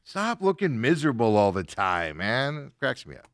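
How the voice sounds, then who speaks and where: A man hosting a sports talk show, ranting casually, laughing often and mocking people with quick impressions. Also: medium pitch, big pitch swings, fairly bright tone.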